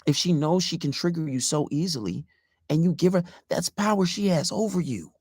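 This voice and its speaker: Gravelly guy ranting dating advice, swears a lot, keeps going "right?", dead dry sound. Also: on the high side, animated, a little fast, darkish tone, no echo. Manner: emphatic, profane, repeats points, keeps asking "right?". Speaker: dating coach. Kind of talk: casual advice monologue.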